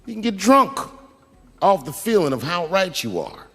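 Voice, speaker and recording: A male comedian works a large theater stage with a handheld mic, spinning a profane, chatty story toward its punchlines. His voice sits a little high and leaps up and down with lively swings. A long hall reverb trails every phrase. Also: moderate pace, very noisy. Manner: profane, conversational, building stories to punchlines. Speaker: stand-up comedian. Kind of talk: stand-up storytelling.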